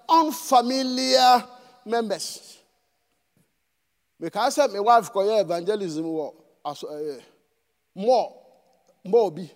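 A man's voice: sits high, big-room sound. A man with a Ghanaian accent preaching a sermon in a church, switching between English and Twi and prompting the congregation to answer. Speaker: pastor.

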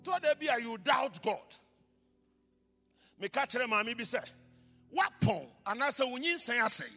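A male pastor preaching a sermon, moving between calm teaching and shouted blessings, switching between English and Twi. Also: very high-pitched, normal speed, long reverb tail, faint music behind. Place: church.

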